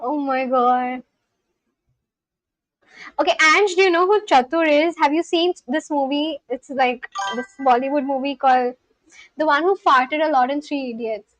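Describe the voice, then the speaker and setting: A woman's voice: sits high, measured pace, no echo, poor audio. A woman from India, hosting a casual livestream, chatting and giggling as she answers viewers' messages. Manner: chatty, giggly, reads chat messages aloud and answers them. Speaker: livestream host.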